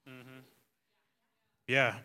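A man's voice: mid-range voice, flat delivery, extremely slow, bright, forceful tone, clear, resonant tone. A man chatting casually about faith, joking and chiming in with support. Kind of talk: faith-based casual discussion.

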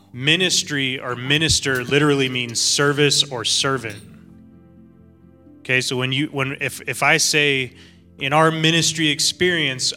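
A man's voice: medium pitch, bright, forceful tone. A man pastor giving an informal sermon, reflective, repeating phrases and checking in with the room. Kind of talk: informal sermon at a church dinner gathering.

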